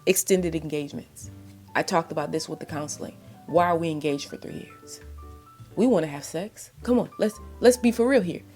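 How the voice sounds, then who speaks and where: Impassioned woman, low voice, preachy. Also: moderate pace, a little mellow, faint music behind. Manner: impassioned and preachy, firing rhetorical questions; blunt and exasperated. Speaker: relationship advice vlogger. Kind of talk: faith-based relationship advice monologue.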